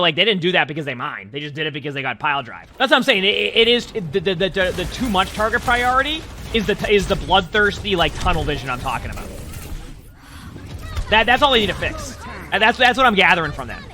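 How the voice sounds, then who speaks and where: A man's voice: sits high, pushed and bright, slight background noise. A man giving casual commentary and coaching tips while he watches a player's match, chatty and repeating himself often. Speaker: streamer coaching a spectated player.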